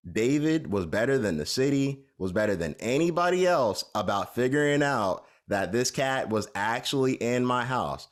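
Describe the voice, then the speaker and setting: A man's voice: medium pitch, lively intonation, moderate pace, few pauses. A man co-hosting a podcast, telling a long story in a casual, rambling way with lots of fillers. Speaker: podcast co-host.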